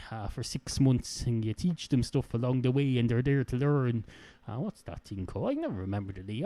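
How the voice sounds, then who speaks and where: A man hosts a solo podcast, rambling and self-mocking with many fillers and the odd swear. His pitch swings in a lively way over a mellow, darker tone. The sound is dry and close to the mic. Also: no echo. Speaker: podcast host.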